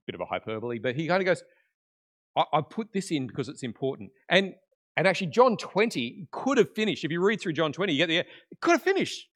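A man preaching a conversational sermon in church, swinging between loud emphasis and quiet, intimate asides. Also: fairly high pitch, sing-song, fast talker. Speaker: pastor.

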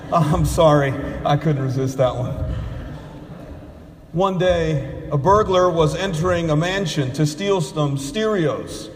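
Slow-talking preacher in echoey church. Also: male voice, high voice. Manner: storytelling with jokes. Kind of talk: sermon.

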